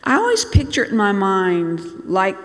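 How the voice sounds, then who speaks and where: A preacher who grew up in Bangladesh, telling a sermon as a story, slowing down and dropping to near-whispers to make a point. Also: medium pitch, wildly swooping pitch. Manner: storytelling, slows and drops to near-whispers for emphasis. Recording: long reverb in a large hall.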